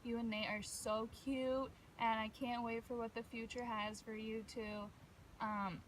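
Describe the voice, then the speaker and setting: A young woman leaves a farewell message for a softball teammate. Her voice sits a touch high. She rambles warmly and fills the gaps with fillers, with faint background noise behind her. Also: level tone, a little slow, rough recording. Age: young adult. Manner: warm and rambling, many fillers.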